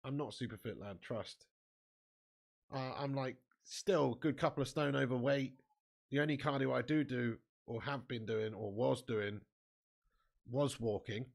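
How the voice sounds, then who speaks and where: A man's voice: medium pitch, unhurried, gravelly. A man hosting a live football watch-along, chatting casually with viewers and calling them mate and lad. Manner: erupts into angry shouting at the match.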